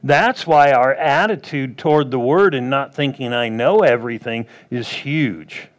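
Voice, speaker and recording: A pastor preaching a sermon in a plain, conversational way, asking the crowd rhetorical questions and acting out what people and God might say. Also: male voice, mid-range voice, measured pace.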